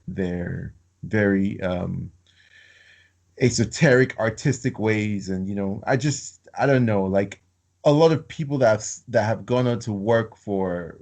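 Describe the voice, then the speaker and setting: A man co-hosting a podcast, rambling in casual film chat with many fillers and halting restarts. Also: on the low side, a little mellow. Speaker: podcast co-host.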